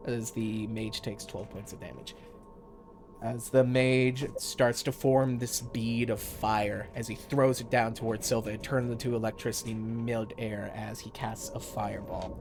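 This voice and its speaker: A man narrating a tabletop game as game master, brisk and stumbling at times. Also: on the low side, steady tone, darkish tone, faint music behind.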